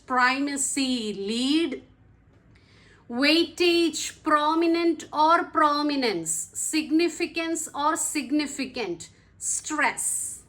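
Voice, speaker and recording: A woman teaching English vocabulary, listing words one by one in a slow, deliberate way. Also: sits high, fairly bright tone. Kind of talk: vocabulary lesson. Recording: echoey room.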